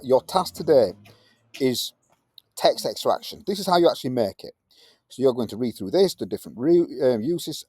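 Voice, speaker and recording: Male science teacher, playful in class. Husky, dry voice. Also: darkish tone, no room sound. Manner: playful, jumping into high silly voices to act things out. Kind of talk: classroom lesson.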